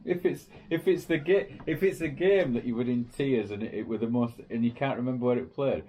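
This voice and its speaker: A man's voice: medium pitch, fairly quick, low-quality recording. A man, co-hosting a casual podcast and telling stories with plenty of swearing. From England. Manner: swears freely, animated storytelling. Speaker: podcast co-host. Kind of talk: casual chat.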